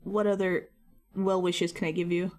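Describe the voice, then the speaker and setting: A woman's voice: fairly low pitch, flat delivery, normal speed, darkish tone. A woman art streamer chatting casually and teasingly with her viewers while painting, laughing often and fighting a slight cough.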